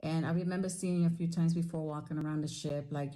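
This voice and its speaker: A middle-aged woman recording a casual video message for a friend, chatty and animated, telling a playful teasing story. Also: low voice, moderate pace, poor audio. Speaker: retired sailor, friend giving a video tribute.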